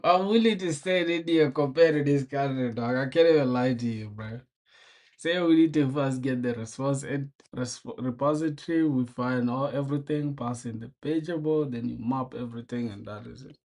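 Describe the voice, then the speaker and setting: A young man with a mid-range, darkish voice live-streams while he codes. He chats casually using slang, mumbles code aloud, and often breaks into laughter.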